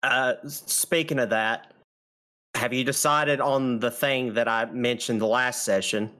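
A man's voice: medium pitch, fairly even intonation, a little slow, sharp tone. A man playing in an online tabletop game over voice chat, stumbling over his words. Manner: stumbling, restarts. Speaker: player. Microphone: voice chat microphone.

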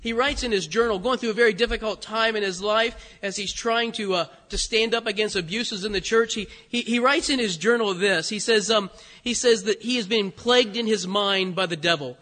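A man preaching a sermon to a congregation in an animated, conversational way. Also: high voice, brisk. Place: church sanctuary. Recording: hall reverb.

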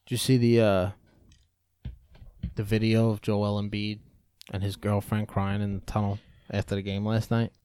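A man's voice: fairly low pitch, level tone, moderate pace, dark tone, clear, resonant tone, dry recording, studio quality. A man hosting a podcast from his apartment, chatting loosely with friends, swearing and laughing often. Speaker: podcast host. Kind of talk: casual chat.

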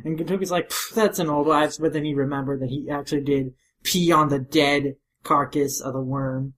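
A woman's voice: sits low, steady tone, normal speed. A woman co-hosting a podcast, giving dry, giggly commentary on manga chapters. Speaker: podcast co-host. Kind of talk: casual manga recap chat.

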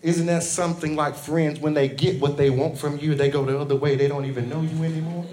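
Impassioned high-voiced male preacher. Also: steady tone, fairly quick. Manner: impassioned, call-and-response preaching, swings loud and soft. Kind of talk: sermon.

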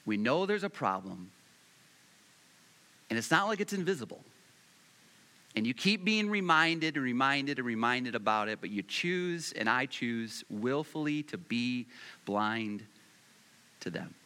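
A man preaching a sermon as pastor, repeating phrases for emphasis and slowing down and rising in volume on key points. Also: mid-range voice, lively intonation, sharp tone.

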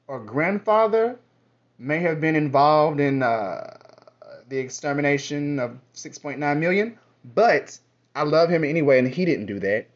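A man speaking to the camera in a sassy, profane, rambling casual monologue. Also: medium pitch. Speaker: vlogger. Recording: dull lo-fi audio.

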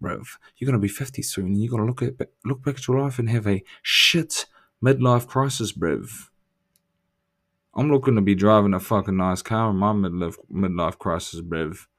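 A young man delivers a casual motivational monologue as a podcast host. He talks in a blunt, swearing, in-your-face way and pushes the listener hard. His voice sits on the low side. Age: young adult. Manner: blunt, profane, confrontational pep talk.

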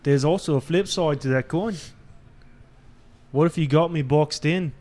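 A man's voice: on the high side, extremely slow, a bit bright. A man reading a hardened, blunt career thief in a mock British accent for a comedic screen read. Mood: menacing.

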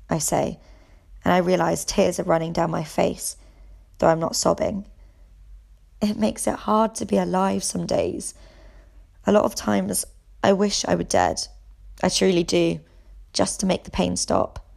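A woman reading a novel aloud in the first person, at a steady pace. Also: on the low side, unhurried, gravelly, pauses often. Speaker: audiobook reader. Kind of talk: audiobook narration.

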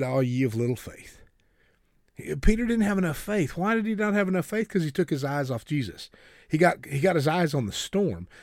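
A man's voice: a little high, darkish tone, no room sound, studio quality. A man preaching a folksy, earnest sermon, often repeating words as he starts a sentence.

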